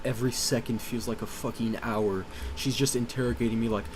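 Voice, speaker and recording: A man's voice: mid-range voice, fairly even intonation, a little fast, few pauses, a little hiss or hum. A man telling a story in a casual, rambling, profane way, full of "uh" and "you know".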